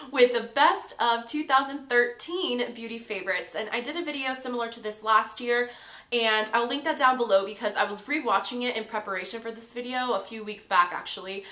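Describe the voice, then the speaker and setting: A woman's voice: mid-range voice, sharp tone. A woman in her twenties with a stuffy, nasal voice from a cold, chatting casually to her viewers as a beauty vlogger, with lots of fillers. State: congested from a cold. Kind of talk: casual chat to camera. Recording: roomy echo.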